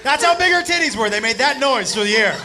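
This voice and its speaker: A man doing stand-up comedy, telling a story in an excitable, profane, animated way. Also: very high voice, quick pace. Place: comedy club stage. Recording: live club, loud crowd and noise. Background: audience laughter and noise.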